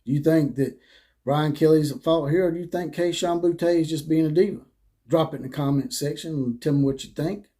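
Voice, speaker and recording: A man's voice: a little high, warm tone. Blunt man ranting about sports. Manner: blunt, swearing, mocking. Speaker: sports commentary host. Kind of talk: opinionated sports commentary.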